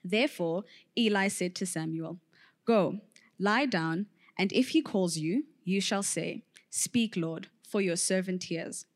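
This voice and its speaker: A woman reading a Bible passage aloud in church, measured and clear. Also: mid-range voice. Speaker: scripture reader.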